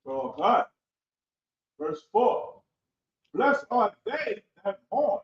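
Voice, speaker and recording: Student reading verses, flat delivery, far from the mic, roomy and dull. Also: mid-range voice, drawn-out words. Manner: reads flatly, repeating on request. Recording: distant, roomy, muffled room recording.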